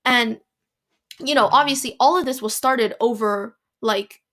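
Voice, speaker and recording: A woman's voice: fairly high pitch, moderate pace, fairly bright tone. A woman hosting a casual solo podcast, rambling with lots of fillers and restarts and dropping sarcastic asides. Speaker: podcast host.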